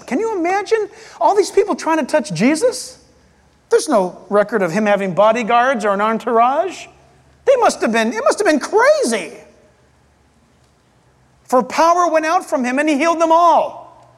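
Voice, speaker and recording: A man preaching a sermon as pastor, animated and acting out voices and jokes. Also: very high-pitched. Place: church hall. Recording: reverberant hall.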